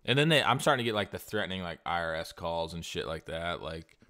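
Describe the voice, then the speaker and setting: Profane ranting man with a bright voice. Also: low-pitched, lively intonation, fast. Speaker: podcast co-host. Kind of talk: casual comedy podcast chat.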